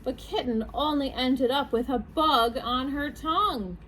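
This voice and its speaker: A woman, a children's librarian, reading picture books aloud at a storytime, animated and asking her young listeners questions. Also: sits high, unhurried, a little hiss or hum, poor audio.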